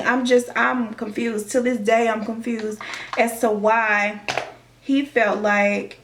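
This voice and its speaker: A young woman vlogger telling a dramatic, profane storytime while doing her makeup, animated and expressive. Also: on the high side, slow, a little hiss or hum. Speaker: beauty vlogger. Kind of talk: storytime chat during a makeup tutorial.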